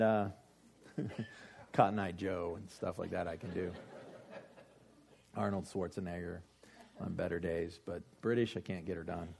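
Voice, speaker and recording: A pastor preaching a sermon to his congregation, joking and swelling loud for emphasis. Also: sits low, creaky.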